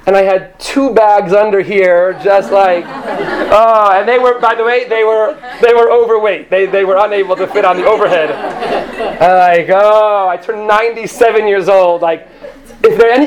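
A man telling a comic story on stage into a handheld microphone, rambling and self-deprecating, often jumping into put-on voices. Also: high-pitched.

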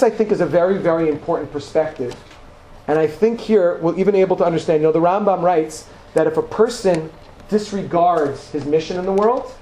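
A man with a fairly high voice delivers a Torah lecture to a live audience. He speaks conversationally and with emphasis, often doubling words to drive a point home. The room is echoey, with a faint hum of background noise. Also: a little mellow. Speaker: rabbi teaching a class.

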